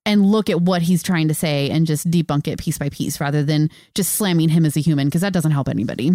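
Animated woman in a lively podcast chat. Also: deep voice, fast talker, no echo, studio quality. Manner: animated, laughs often, emphatic. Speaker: podcast co-host. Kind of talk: casual chat.

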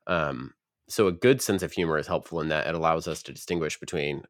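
A man's voice: extremely low pitch, fairly quick, no room sound, clean studio sound. A man co-hosting a podcast, talking reflectively with frequent hesitations. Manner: reflective, hesitant, many fillers. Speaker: podcast co-host. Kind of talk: casual chat.

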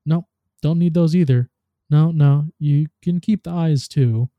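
A smooth-talking robotic ghost who bargains coolly and turns jittery when cornered, as a man reads him. The tone is very dark and mellow, and the recording is dry and close. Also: a little high, unhurried, no echo, lo-fi sound, voice pushed up. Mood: scheming. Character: scheming male robotic ghost companion.

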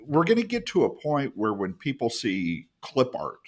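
A man's voice: medium pitch, wildly swooping pitch, normal speed. A man co-hosting a casual podcast discussion, talking in an earnest, explanatory way and often easing down in tone at the end of his phrases. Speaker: podcast co-host.

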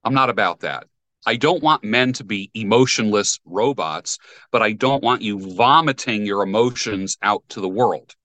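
Male guest, mid pitch, bright forceful delivery, confident opinions, dry close mic. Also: moderate pace, no echo. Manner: firm, opinionated, explains principles. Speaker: podcast guest. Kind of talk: casual podcast conversation.

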